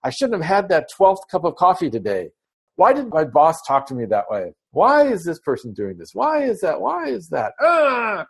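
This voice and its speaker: A man's voice: sits high, huge pitch swings, normal speed, vocal fry, breathy edge, pitched above the performer's own voice, full character voice. A man voicing an agitated talking water pot that complains in rising bursts. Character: frazzled talking water pot, angry and restless.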